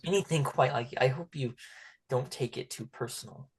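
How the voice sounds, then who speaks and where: A man voicing a timid, lonely teenage orphan girl who speaks haltingly and softly, often slipping into a whisper. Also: mid-range voice, breathy edge. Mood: pleading. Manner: hesitant, halting and soft-spoken, often whispering.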